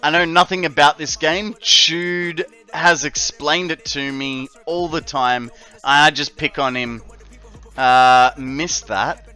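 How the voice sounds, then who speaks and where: Australian man, casual streamer, slow unhurried delivery, bright tone, faint music behind. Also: fairly high pitch, fairly even intonation, clear, resonant tone. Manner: jokey, chatty, many fillers. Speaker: game streamer. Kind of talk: casual live-stream chat.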